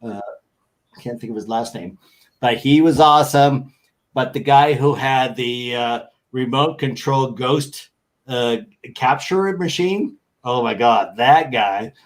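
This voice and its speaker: A middle-aged man telling a story in an interview, animated and acting out other people's voices. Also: medium pitch, slow pace, low-quality recording. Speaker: guest. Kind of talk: storytelling anecdote.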